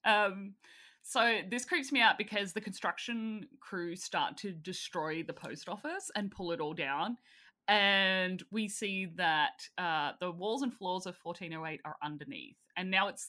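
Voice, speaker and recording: Bright-toned woman retelling a film. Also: fairly low pitch, unhurried. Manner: lively storytelling, frequent fillers and swearing. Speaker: co-host recapping a film. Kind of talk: casual chat.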